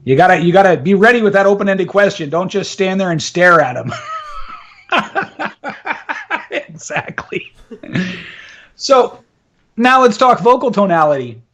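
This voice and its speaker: Male voice coach, interview guest, upbeat and laugh-prone, voice sits a touch high. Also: lively intonation, a little slow, long pauses, a bit bright. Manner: enthusiastic, laughs often, demonstrates with his voice. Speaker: voice and communication coach. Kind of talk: interview, explaining techniques.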